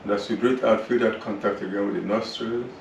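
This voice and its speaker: A man with a lowish voice leads a yoga class through a slow body scan and breathing work, soothing and unhurried. He sounds roomy and set back from the mic, with a faint hiss underneath. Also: steady tone, vocal fry, distant mic. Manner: slow, soothing, drawn-out guidance. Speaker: yoga teacher. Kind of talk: guided relaxation and yoga instruction.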